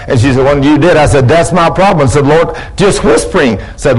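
A man's voice: a little high, brisk, few pauses, slightly rough, rough recording. A man preaching a sermon, folksy and conversational, acting out quotes from people in his church. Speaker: pastor.

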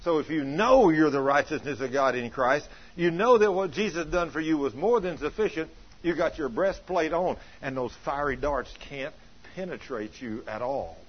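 A man preaching a sermon, telling a story about his wife in a folksy, colloquial way with bursts of loud emphasis. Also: a little high, animated, moderate pace, husky. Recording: dull lo-fi sound.

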